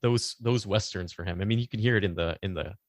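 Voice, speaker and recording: A fairly low-pitched man, a fast talker, co-hosts a podcast in clean studio sound with no room echo. In casual, rambling chat he often pauses to search for words and laughs along.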